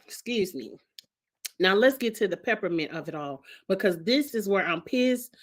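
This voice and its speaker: Unhurried and mid-pitched, this female reality TV reviewer chats through a show recap for her vlog audience. Her delivery is lively and full of slang and open swearing, aimed straight at the people watching.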